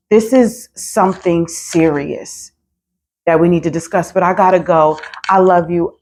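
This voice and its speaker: A woman's voice: on the low side, a little hiss or hum. A woman in her forties giving a heartfelt, preacher-style vlog message, exhorting listeners and repeating phrases for emphasis. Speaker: vlogger and property manager.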